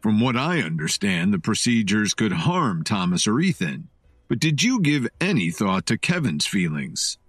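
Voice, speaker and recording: A man voicing a powerful young man who shouts furious threats in a storybook reading. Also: fairly low pitch, big pitch swings, moderate pace, no room sound. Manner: shouting, menacing.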